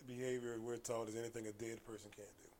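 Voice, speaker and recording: A man telling stories in casual conversation as a podcast guest, animated, dropping into hushed asides and then loud bursts. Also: medium pitch, fast, slight background noise.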